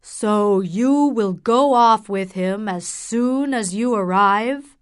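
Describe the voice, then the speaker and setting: A stern, angry doctor father from a storybook, speaking slowly and heavily, as a woman reads him. Each word comes out measured and forceful. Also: mid-range voice, clear, resonant tone, close to an everyday voice.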